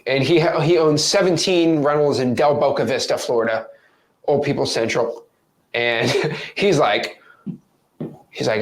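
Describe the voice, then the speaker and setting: A young man teaching real estate with lively energy, acting out phone calls in quick different voices. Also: mid-range voice. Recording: roomy echo.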